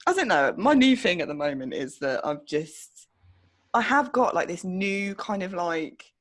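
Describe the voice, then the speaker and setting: A woman's voice: medium pitch, very animated, normal speed. A woman co-hosting a podcast in casual chat, blunt and outspoken, swearing freely. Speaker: podcast co-host.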